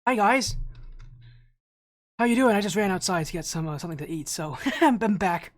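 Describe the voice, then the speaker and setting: A man's voice: sits high, lively intonation, moderate pace. A man streaming as an esports caster, chatting casually with viewers, slightly out of breath, rambling with restarts. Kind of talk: casual live-stream chat.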